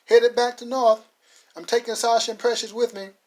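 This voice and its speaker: A man voicing a grateful young man saying a heartfelt goodbye, pitched higher and louder than his own narration. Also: little pitch movement, normal speed.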